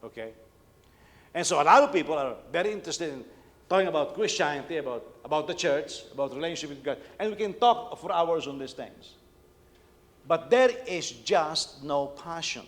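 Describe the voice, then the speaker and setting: An older male pastor delivers a sermon with a slightly high-pitched voice, telling stories in a loose conversational way and often circling back to restart his sentences. His voice rings out with a long reverb, as if recorded in a large church hall. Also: animated, moderate pace. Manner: conversational storytelling with many restarts. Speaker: senior pastor.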